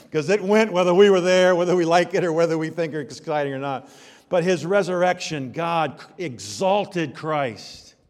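A middle-aged man preaching a sermon, swinging from loud emphasis to quiet asides. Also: on the high side. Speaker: pastor. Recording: reverberant hall.

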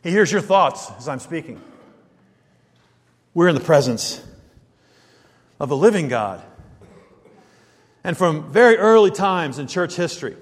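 A man preaching a sermon in an animated way, firing rhetorical questions and acting out quoted lines. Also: fairly high pitch, big-room sound.

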